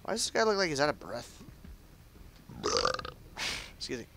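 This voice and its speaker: A man's voice: a little high, very animated, moderate pace, vocal fry, heavy background noise. A young man chatting loosely through live gameplay commentary, with lots of fillers and restarts. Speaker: game streamer.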